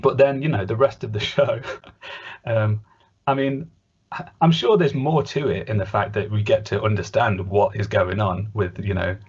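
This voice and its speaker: Low husky man in a dull lo-fi recording. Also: normal speed. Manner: rambling, hesitant, lots of fillers and restarts. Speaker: podcast co-host. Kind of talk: casual chat reviewing a cartoon. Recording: dull lo-fi podcast audio.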